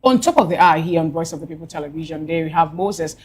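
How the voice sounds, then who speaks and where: A woman's voice: sits low, animated, fast talker, slight background noise. A woman co-hosting a morning newspaper review, reading headlines and adding casual personal comments. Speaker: news show co-host.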